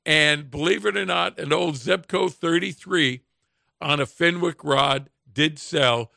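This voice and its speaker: Chuckling folksy radio host, gravelly and bright. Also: male voice, a little high, a little slow, no echo, clean studio sound. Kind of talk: casual storytelling chat.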